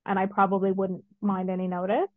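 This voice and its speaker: A middle-aged woman co-hosting a podcast, telling a personal story in a casual, lively way with many asides. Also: medium pitch, fairly quick, no room sound. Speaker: podcast co-host. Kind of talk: casual chat. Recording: dry, phone-like narrow sound.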